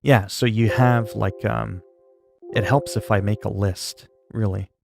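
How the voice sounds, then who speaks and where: A man chatting casually with viewers on a live stream, calm and low-key, with a delivery some find sleepy. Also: creaky, music in the background. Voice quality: sleepy-sounding, flat delivery. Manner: low-key, calm and unhurried, not hyped. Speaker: livestreamer.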